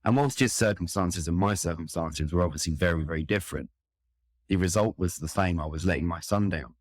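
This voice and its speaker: Man, London accent, middle-aged, low voice, dry close mic, candid storytelling, earnest. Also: fairly quick, no echo. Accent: London English. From England. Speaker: interview guest, firefighter.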